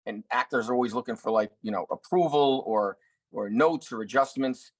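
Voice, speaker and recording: A middle-aged actor and director telling a story in an interview, earnest, with many restarts. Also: male voice, medium pitch, normal speed, dry recording, rough recording. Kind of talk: anecdotal interview talk.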